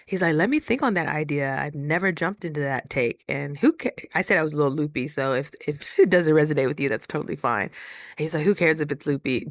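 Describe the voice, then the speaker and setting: A woman's voice: low voice, expressive, a little fast, no echo. A young adult woman vlogging casually, animatedly acting out quoted dialogue and talking straight to her viewers. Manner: frequent rhetorical asides to viewers. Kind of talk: casual storytelling vlog.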